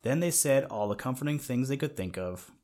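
This is a man's unhurried, gentle storybook reading of a children's story. He speaks at an ordinary male middle pitch, steady and calm throughout.

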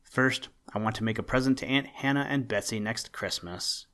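A man's voice: medium pitch, normal speed, fairly bright tone, natural voice. A man voicing a sad, anxious scarecrow in a storybook, pleading and tearful. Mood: eager.

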